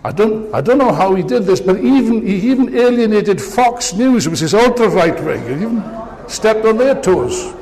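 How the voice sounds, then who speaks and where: A man's voice: high voice, expressive, normal speed, darkish tone. A man giving an impassioned political speech to an audience, with mocking asides. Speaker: political speaker. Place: large meeting hall. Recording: long reverb of a hall.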